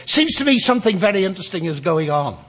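A man's voice: high-pitched, big pitch swings, quick pace, fairly bright tone. A man giving a public lecture, telling a story in a wry, storytelling manner. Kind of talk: lecture with anecdote.

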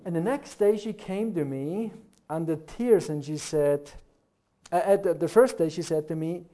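A middle-aged man with a German accent, whose first language is German, preaching a sermon. He talks earnestly and builds to animated rhetorical questions. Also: fairly high pitch, normal speed.

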